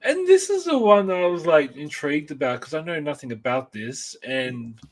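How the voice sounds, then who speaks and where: Rambling, excitable man. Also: a little high, moderate pace. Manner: rambling, enthusiastic, many restarts. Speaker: podcast co-host. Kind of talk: casual chat about comics and films.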